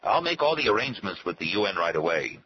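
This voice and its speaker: A man's voice: on the low side, big pitch swings, quick pace, lo-fi sound, slight background noise, pitched above the performer's own voice. A man voicing a sly, brash businessman who talks in breezy, folksy slang. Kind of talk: audiobook character voice.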